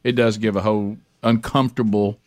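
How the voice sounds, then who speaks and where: A man's voice: fairly low pitch, little pitch movement, brisk, a little mellow, no room sound, clean studio sound. A man hosting a radio talk show, chatting casually with co-hosts and often stammering through restarts. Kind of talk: casual studio banter.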